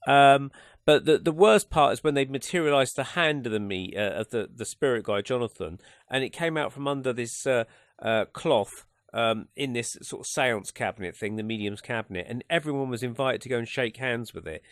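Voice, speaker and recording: A man's voice: mid-range voice, moderate pace, no echo, studio quality. A man hosting a radio talk show, rambling and hesitant with many restarts. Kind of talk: casual radio chat. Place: radio studio.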